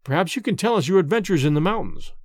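A man doing a soft-voiced, coaxing young woman. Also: high voice, animated, fast, dry recording, clean studio sound. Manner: soft, pleading.

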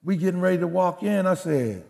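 A man preaching a sermon, telling a story with acted-out quotes and shouted punchlines. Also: sits high, lively intonation, a little fast, gravelly, in a large hall. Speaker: pastor.

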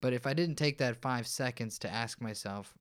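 Man, counselor guest, smooth resonant voice, easy explanatory storytelling. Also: mid-range voice, normal speed. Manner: explanatory, storytelling, many restarts. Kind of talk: podcast interview.

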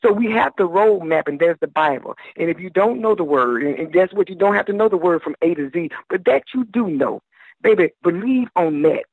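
A man's voice: sits high, expressive, fairly quick, husky, no echo. A man calling in as a guest minister on a radio show, preaching with fervent cadence and calling listeners "baby". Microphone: telephone. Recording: tinny phone line.

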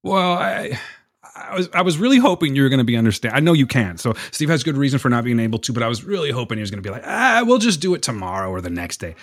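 A man hosting a casual podcast, sick with a rough voice, joking and rambling at himself. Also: mid-range voice, sing-song, fast, dry recording, clean studio sound. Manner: jokey, self-mocking, rambling. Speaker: podcast host.

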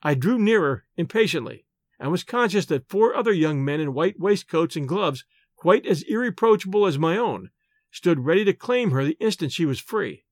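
A man narrating a story in the first person, reading in a measured, expressive manner. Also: fairly high pitch, no echo, clean studio sound. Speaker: audiobook narrator. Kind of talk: scripted narration.

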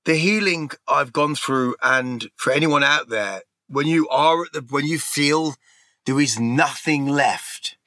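A man's voice: a little high, unhurried, sharp tone, no room sound. A middle-aged man from England telling his life story in a candid, rambling interview, swearing freely and restarting his sentences. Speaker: interview guest.

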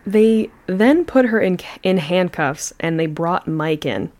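Podcast lady, lowish voice, chatty true crime recap. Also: lively intonation, slow, darkish tone. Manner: chatty, laughing asides. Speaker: podcast host. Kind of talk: casual true crime storytelling.

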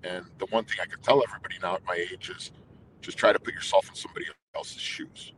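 A man's voice: sits low, fast, fairly bright tone, a little hiss or hum, low-quality recording. A man, a singer being interviewed, talking openly and emotionally in rambling sentences with many restarts. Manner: emotional, rambling with restarts and quoted inner dialogue. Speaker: guest, anthem singer. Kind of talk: candid interview storytelling.

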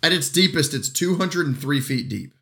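A man's voice: a little high, expressive, normal speed, sharp tone. A man co-hosting a podcast, making goofy, crude jokes in casual chat about a movie. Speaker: podcast co-host.

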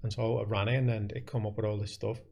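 A man's voice: lowish voice, level tone, quick pace, vocal fry, darkish tone, slight background noise. Young man, podcast host, chatty and laughing, rambling anecdotes. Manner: laughs a lot, rambling storyteller. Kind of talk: casual chat.

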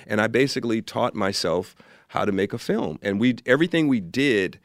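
A man's voice: on the low side, brisk, no room sound, clean studio sound. A man from Chicago, an actor and filmmaker, telling stories as a podcast guest and acting out the people in them. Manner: animated, acts out the people in his stories. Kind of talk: storytelling in a podcast interview.

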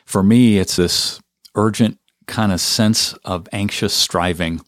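Deep-voiced man hosting an interview. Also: slow pace, dry recording, studio quality. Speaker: podcast host.

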